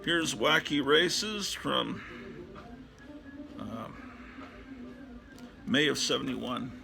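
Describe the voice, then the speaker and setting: A man's voice: medium pitch, lively intonation, drawn-out words, vocal fry, poor audio. A man in his fifties hosting a casual show-and-tell about his old comics, rambling and reminiscing with lots of fillers. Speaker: comic book collector and host. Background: background music.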